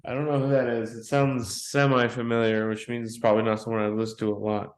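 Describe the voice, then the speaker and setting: A man's voice: mid-range voice, flat delivery, quick pace. Joking man interrupting in casual chat. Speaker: podcast co-host.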